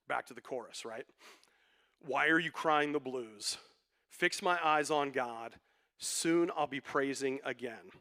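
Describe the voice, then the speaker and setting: A man preaching a sermon as pastor, conversational and joking, with quick asides. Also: mid-range voice, pushed and bright.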